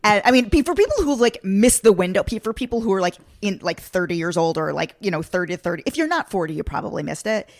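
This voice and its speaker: A woman's voice: medium pitch, expressive, fast talker, hardly any pauses, no room sound, clean studio sound. A woman hosting a casual podcast chat, candid and chatty, with loose, rambling phrasing. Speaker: podcast host.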